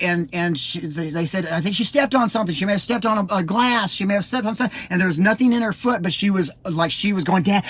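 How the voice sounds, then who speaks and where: A middle-aged man telling a personal story as a parent, halting and full of restarts, acting out the quotes. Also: high-pitched. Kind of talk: casual spoken storytelling.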